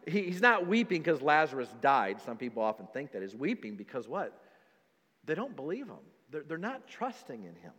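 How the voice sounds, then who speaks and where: A man's voice: a little high, fairly bright tone, in a large hall. A man, a pastor, preaching a dynamic sermon and calling out to his congregation as church.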